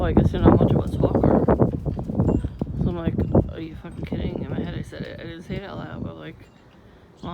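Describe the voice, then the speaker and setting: A woman's voice: sits low, gravelly. A woman vlogger telling stories in a blunt, irritated, profane casual rant. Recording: muffled lo-fi with loud background noise.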